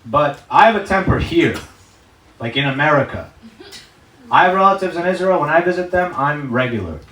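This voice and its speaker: A man's voice: fairly high pitch, expressive, brisk, sharp tone. A man in his thirties doing a stand-up comedy set, telling stories in a brash, punchy way. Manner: brash, profane, punchy storytelling. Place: comedy stage. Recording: echoey room, mic from a distance, background noise.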